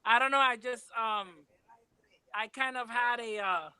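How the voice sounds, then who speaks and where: A woman's voice: a little high, measured pace, bright, forceful tone, clean tone. A woman chatting casually on a livestream, rambling with many fillers and restarts. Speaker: panel guest.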